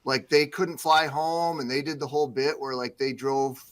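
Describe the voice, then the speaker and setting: A man with a mid-range voice, a Midwestern news anchor, is a guest in a casual radio chat. He keeps a moderate pace and fairly level intonation, coming across as modest and easygoing while leaning heavily on fillers.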